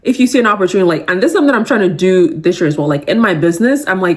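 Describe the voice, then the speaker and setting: A woman hosting a motivational podcast, talking casually with lots of fillers and growing lively when she recounts her own reactions. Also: mid-range voice, rapid-fire, few pauses. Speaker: podcast host.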